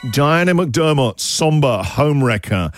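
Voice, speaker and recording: A man's voice: on the high side, expressive, unhurried, no echo, clean studio sound. A male radio host doing jokey breakfast-show chat, laughing often and reading listener entries aloud. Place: radio studio. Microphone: studio microphone. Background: music playing under the talk.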